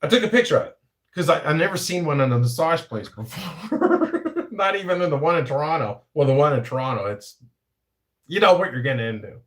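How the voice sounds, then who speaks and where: A man's voice: a little high, very animated, fairly quick. A man hosting his own show, telling a story in a profane, rambling, self-interrupting way. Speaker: podcast host. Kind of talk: casual storytelling.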